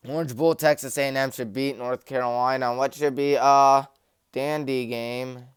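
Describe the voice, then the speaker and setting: Brief: young guy hosting sports talk, crisp and smooth, dry close sound, jokey and rambling. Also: mid-range voice, fairly even intonation, normal speed, no room sound. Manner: jokey, rambling, self-mocking. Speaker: sports talk show host. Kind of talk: rapid-fire game picks with joking asides. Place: small community TV studio.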